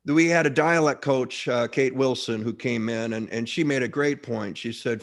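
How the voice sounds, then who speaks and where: A man's voice: medium pitch, moderate pace, few pauses. A middle-aged man, an actor, telling stories in a casual interview with many restarts. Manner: rambling, frequent restarts, lively anecdotes. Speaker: actor, guest.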